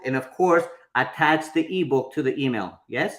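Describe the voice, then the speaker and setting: A man's voice: medium pitch, fairly quick, fairly bright tone, echoey room. A man in his forties teaching a live workshop, chatty, often checking in with his listeners. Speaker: marketing instructor.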